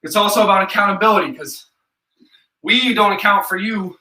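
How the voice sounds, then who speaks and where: A man's voice: sits high, a little fast, sharp tone. A young man with an upstate New York accent leading a live follow-along workout, counting reps aloud and chatting casually between sets. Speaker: fitness instructor. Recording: echoey room, voice from a distance.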